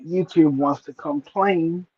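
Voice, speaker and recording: Halting, slightly high-voiced male streamer. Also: muffled recording, a little hiss or hum. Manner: halting and filler-heavy, with many restarts. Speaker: streamer host. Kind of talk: casual livestream chat.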